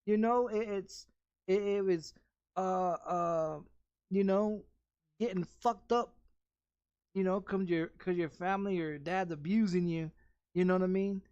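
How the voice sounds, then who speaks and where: A man's voice: sits high, a little slow, long pauses, a little mellow, clear, resonant tone, no echo, muffled recording. Profane rambling male game streamer. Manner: profane, rambling, heavy restarts and repeats. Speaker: gaming streamer. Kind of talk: casual rant while streaming.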